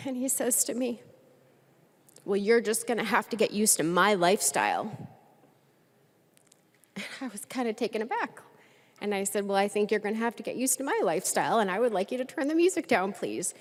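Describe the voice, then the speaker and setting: A fairly high-voiced woman lawmaker speaks at a podium microphone, earnestly telling a personal story and voicing the people in it. Her words ring out with a long reverb from the large legislative chamber. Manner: earnest storytelling with acted-out quotes. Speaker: state legislator.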